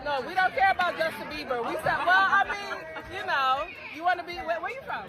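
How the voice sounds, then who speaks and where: A woman's voice: very high-pitched, brisk, heavy background noise. A woman teasing and flirting boldly with a stranger outdoors, laughing often. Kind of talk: street flirting clip. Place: outdoors on an island. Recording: outdoor clip amid loud crowd.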